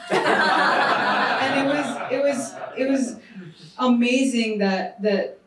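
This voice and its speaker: A woman actor who grew up in India, telling lively stories during a panel Q&A at a screening. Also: high-pitched, drawn-out words, crowd noise. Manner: animated storytelling with laughs. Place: private screening venue. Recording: roomy hall, far from mic.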